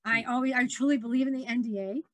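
A middle-aged woman telling stories in casual conversation, animated and laughing often, acting out the people she quotes. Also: on the high side, fast talker, no room sound. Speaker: guest entrepreneur.

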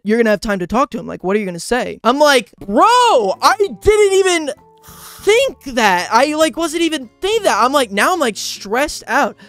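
A young man, a YouTuber, excitedly telling a rambling story in a casual vlog, full of "like" and "bro". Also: high voice, clean tone. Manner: animated, rambling, frequent "like" and "bro".

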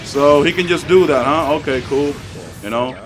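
A man giving excitable, profane live commentary over his own game matches, trash-talking opponents and hyping his plays. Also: fairly high pitch, moderate pace, music in the background. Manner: excitable, profane trash talk, swings between hype shouts and mutters. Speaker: gaming YouTuber.

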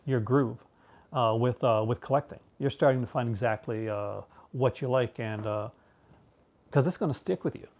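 This is a casual chat in which a Canadian man of around thirty answers his viewers, wandering from point to point with plenty of fillers, restarts and easy, frequent laughter. He speaks at a normal speed in a medium-pitched, slightly mellow voice.

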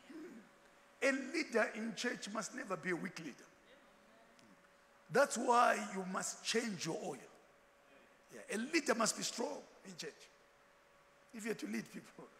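Long hall reverb and faint background noise surround this bishop's sermon. His high voice is bright and forceful as he asks the congregation questions in call-and-response fashion, telling stories with humour and laughing often.

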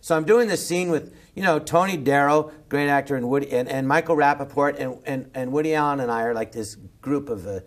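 A man from Southern California with a Californian accent, telling a long, rambling anecdote as a podcast guest, full of restarts and quick imitations. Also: fairly high pitch. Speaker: guest comedian.

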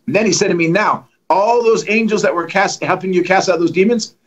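A man telling lively stories as a guest evangelist on a livestream, acting out the quotes and joking. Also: sits high, a little fast, rough recording. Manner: animated, acts out quotes, joking. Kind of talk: storytelling in a livestream conversation.

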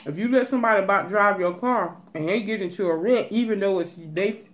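A woman's voice: mid-range voice, fairly quick. A woman vlogger chatting casually to her viewers, giving emphatic advice and repeating herself for emphasis. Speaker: cooking and mukbang vlogger. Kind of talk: casual chat.

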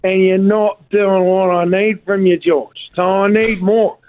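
A man's voice: sits high, level tone, unhurried, pitched above the performer's own voice. A New man mimicking an intense rugby coach who bluntly and profanely berates a player, over a phone line. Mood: berating. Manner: blunt, sweary, demanding.

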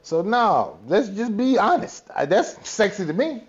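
Outspoken guy on a podcast, kinda high voice, swears a lot, dull muffled audio. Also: very animated, a little slow. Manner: blunt, profane, opinionated. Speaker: podcast co-host. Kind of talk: casual group chat.

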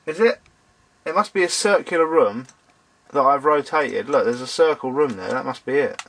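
A man doing let's-play commentary, excitable, swearing at the game and talking to its characters, and a bit hoarse as he loses his voice. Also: mid-range voice, moderate pace, dry recording. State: losing his voice. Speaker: let's player. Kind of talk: gameplay commentary.

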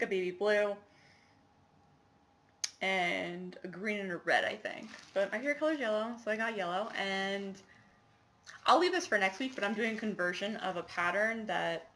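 A woman's voice: medium pitch, a bit bright, slight background noise. A woman chatting casually to the camera in a show-and-tell video, rambling with lots of fillers and apologies. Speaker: cross-stitch vlogger.

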